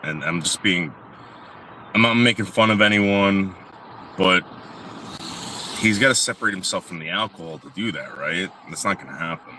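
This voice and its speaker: A man in casual chat, telling stories with lively, profane delivery. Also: low voice, moderate pace, pauses often, recorded from a distance, slight background noise. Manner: animated, profane storytelling.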